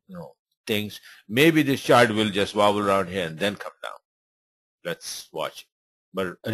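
On a live forex trading webinar, a man talks casually over charts in loose, rambling English packed with fillers. His voice is fairly low and a bit bright, and the recording is dry.

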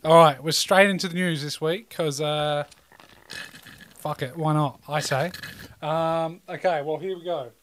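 A man's voice: fairly high pitch, steady tone, measured pace, a bit bright. A man, co-hosting a casual podcast chat in a laid-back, swearing manner. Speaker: podcast co-host.

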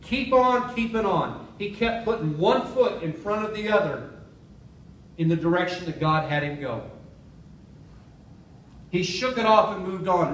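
High-voiced preacher in an echoey church. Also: male voice, recorded from a distance, a little hiss or hum. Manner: storytelling preacher, repeats key phrases. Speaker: pastor. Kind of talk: sermon. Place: church sanctuary.

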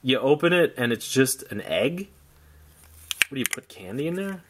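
A man's voice: medium pitch, big pitch swings, normal speed, background noise. A man giving casual unboxing commentary on old action figures, rambling with wry, jokey asides. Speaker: toy collector vlogger.

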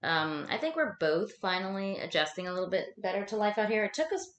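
A woman's voice: mid-range voice, very animated, quick pace, fairly bright tone. A woman streaming casual chat from home while folding laundry. She talks chattily, swears freely and pokes fun at herself. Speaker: live streamer. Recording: roomy echo.

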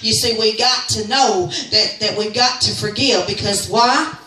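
A woman teaching a Sunday school lesson in a fervent preaching style, climbing to near-singing peaks and dropping low. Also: measured pace, sharp tone, recorded from a distance, faint music behind. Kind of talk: sermon. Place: church. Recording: roomy echo, speaker off-mic.

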